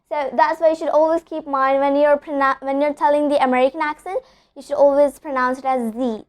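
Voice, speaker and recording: A woman from India teaching pronunciation rules, repeating example words slowly and often saying "so" and "okay". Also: high-pitched, darkish tone.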